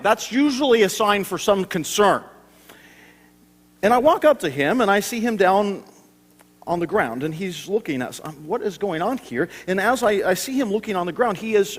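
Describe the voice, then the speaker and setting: A man in his thirties delivers a sermon as a storyteller, often stumbling over his first words before pressing on. His voice sits high for a man. The sound carries a long reverb, as if captured on a convention stage in a large auditorium. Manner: storytelling with frequent stammered restarts. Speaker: preacher.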